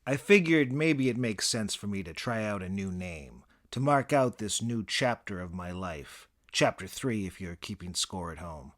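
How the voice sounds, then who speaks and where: A man narrating a comic first-person story in a dry, deadpan, boastful manner. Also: fairly low pitch, moderate pace, hardly any pauses.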